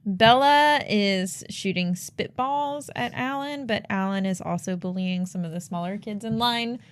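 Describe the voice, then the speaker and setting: A woman co-hosting a podcast, casually recapping a horror movie with wry, deadpan quips. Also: mid-range voice, a little slow. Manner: wry, deadpan quips, puts on silly character voices in her retellings. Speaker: podcast co-host.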